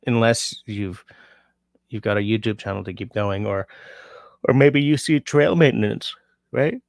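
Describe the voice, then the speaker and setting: Man, tired, gravelly, lowish voice, casual livestream host, rambling, dry close sound. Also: measured pace, no echo. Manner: rambling, reads out chat comments.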